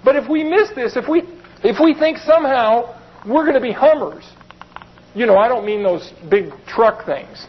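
A man with a very high voice preaching a sermon. He reads Bible verses and breaks into plain, chatty explanations. The recording sounds dull and lo-fi. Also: lively intonation, normal speed, slightly rough. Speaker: pastor.

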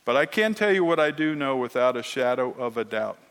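A man preaching a sermon as pastor, emphatic and earnest, at times growing quiet and emotional. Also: mid-range voice, big pitch swings, brisk, clean tone. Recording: long hall reverb.

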